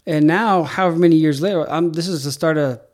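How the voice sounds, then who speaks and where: Middle-aged guy, kinda high voice, animated storyteller, does voices for people in his stories. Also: quick pace. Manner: animated storyteller, acts out quoted dialogue. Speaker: head athletic trainer, podcast guest. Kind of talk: casual interview chat.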